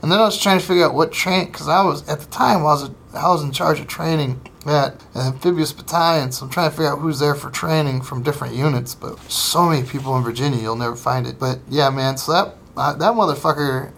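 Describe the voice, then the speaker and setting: A man's voice: fairly high pitch, fast talker, vocal fry, few pauses, a little hiss or hum. A man, a comedian and former service member, telling stories in a casual chat, swearing constantly and acting out the people he quotes. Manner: profane, animated storyteller who acts out quotes. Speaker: comedian and podcast guest. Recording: roomy room, faint ambience.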